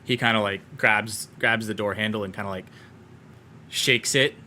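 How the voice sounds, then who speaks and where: A man's voice: fairly low pitch, steady tone, normal speed, sharp tone, a little hiss or hum. A man narrating a tabletop game as game master, in a loose, rambling way full of fillers.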